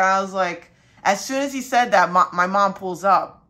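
A woman's voice: moderate pace, sharp tone. A young woman, a spiritual reader, telling a rambling casual story full of fillers and mild cursing. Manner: quotes her dad in a higher voice.

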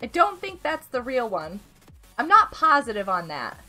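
A woman's voice: a little high, sing-song, moderate pace, pushed and bright, faint music behind. A woman live-streaming a game, chatting casually, giggling and greeting viewers by name. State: unwell.

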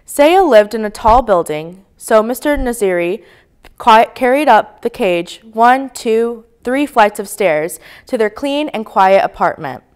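A woman reading a children's story aloud, her voice rising and falling in a lively sing-song. Her tone is smooth and clear, set a little high. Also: measured pace. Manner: expressive, sing-song narration. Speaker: storybook reader.

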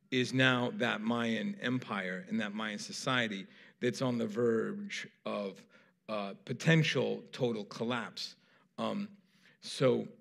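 A man's voice: medium pitch, gravelly, fairly bright tone. A middle-aged man, a theater director, speaking casually to an audience with many fillers and restarts. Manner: rambling, lots of fillers and restarts.

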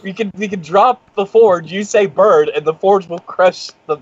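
A man's voice: high-pitched, moderate pace, breathy edge. Slightly dull-sounding male tabletop player. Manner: stammering restarts, chuckling. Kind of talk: casual chat during a tabletop game.

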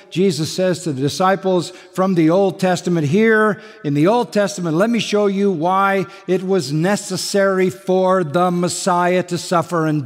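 A man preaches from the pulpit in a slightly raised voice. His delivery is emphatic, and he drives points home with repeated refrains. The sound carries the long reverb of a large hall. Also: high voice. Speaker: pastor. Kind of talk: sermon.

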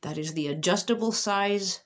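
Relaxed woman explaining a quilt. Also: medium pitch, moderate pace. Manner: relaxed, plain-spoken, explains step by step. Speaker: quilting tutorial host. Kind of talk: casual voice-over explanation.

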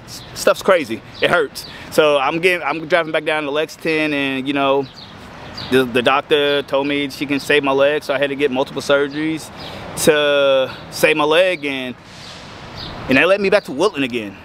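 30s guy getting emotional telling his story, kinda high voice, cars going by outside. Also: steady tone, a bit bright. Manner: halting, choked up, breaks off with restarts. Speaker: skateboarder sharing his recovery story. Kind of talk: emotional personal testimony. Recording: outdoor street noise with passing cars.

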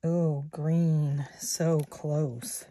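A woman in her sixties, a savings vlogger, chatting softly and unhurriedly to her viewers as she works through savings challenges at home. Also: sits low, fairly even intonation, slight background noise. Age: 60s. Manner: soft-spoken, unhurried, talks to viewers as guys. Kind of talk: slow casual commentary while doing savings challenges. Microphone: phone or camera close on a table.

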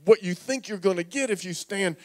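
A man pastor preaching a sermon in a church, animated and calling on the congregation to repeat words back. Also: high-pitched, fairly quick. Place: church sanctuary.

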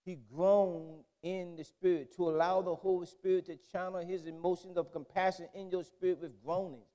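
A man preaching a sermon as pastor, in emphatic call-and-response style that builds to loud, drawn-out declarations. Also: high voice, flat delivery. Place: church sanctuary. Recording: long reverb of a church hall.

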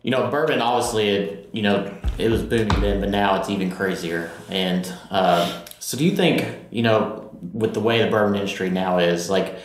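A man with a fairly low voice hosts a podcast and asks loose, rambling questions. The room is very echoey, and a faint hiss sits under his voice. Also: normal speed. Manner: rambling questions with many "you know"s. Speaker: podcast host. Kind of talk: casual interview questions.

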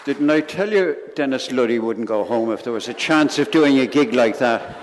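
A man, a priest introducing the next act with wry, gentle teasing. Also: medium pitch. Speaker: priest acting as compere. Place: large church, congregation present. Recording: echoey church with crowd noise.

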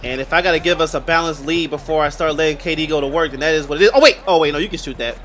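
A young man giving excited live commentary over a basketball video game, talking to his players. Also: on the high side, racing, slight background noise. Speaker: gaming YouTuber.

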